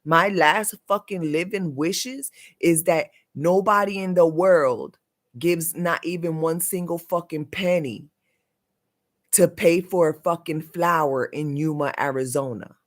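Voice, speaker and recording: A man speaks in a slightly high voice, ranting into his vlog. He swears nearly every line, circles back over the same phrases and punctuates them with "yo". His tone stays agitated and accusatory throughout. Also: a little slow. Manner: profane, repetitive, keeps tagging lines with "yo". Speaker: vlogger. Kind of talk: heated personal rant.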